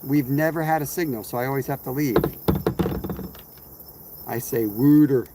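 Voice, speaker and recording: Outdoors among chirping crickets and insects, a man with a mid-range voice chats at normal speed in a steady tone. He's hosting a fishing livestream, rambling casually and responding to viewers' comments as he fishes.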